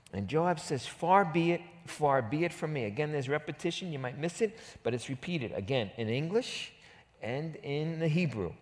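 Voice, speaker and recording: New York man teaching scripture, lively. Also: on the high side, normal speed, big-room sound. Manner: lively, acts out quotes in casual slang. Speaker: Bible teacher. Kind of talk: expository Bible teaching.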